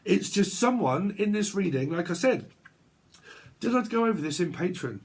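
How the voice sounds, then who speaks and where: A man reads tarot cards in a casual vlog, and his voice is husky and sits a little high for a man. He rants and swears freely, voicing both sides of imagined arguments as he goes. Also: lively intonation, normal speed. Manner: ranting, swearing, acts out imagined dialogue. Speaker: tarot reader.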